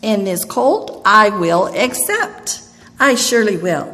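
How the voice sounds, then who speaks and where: A woman voicing a kindly old immigrant woman with slow, gracious speech. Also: medium pitch, expressive. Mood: pleased. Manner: slow, warm, gracious offering. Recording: long hall reverb.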